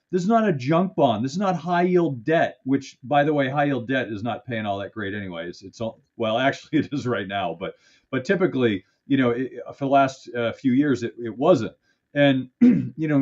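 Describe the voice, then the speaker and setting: A man's voice: mid-range voice, darkish tone. A man co-hosting a finance podcast, making his points emphatically and repeating them in a ranting way. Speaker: podcast co-host. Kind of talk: casual podcast chat about money. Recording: dull lo-fi podcast audio.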